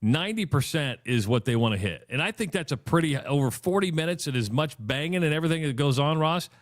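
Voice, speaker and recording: A man's voice: a little high, expressive, fast. A male sports radio co-host in casual chat, emphatic, who reads out listener comments.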